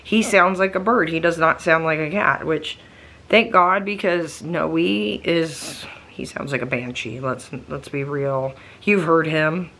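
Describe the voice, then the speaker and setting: A woman chatting to her camera from her living room while a migraine wears her down. Her voice sits low and has a gravelly fry, and she rambles along with lots of fillers. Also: unhurried, fairly bright tone. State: tired, with a migraine. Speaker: vlogger. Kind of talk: casual daily vlog chat.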